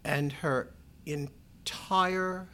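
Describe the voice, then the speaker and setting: Being interviewed, a middle-aged man recounts something from his own life with a wry, measured delivery. His tone is steady, sharp and smooth, and he pitches his voice up to mimic what others said.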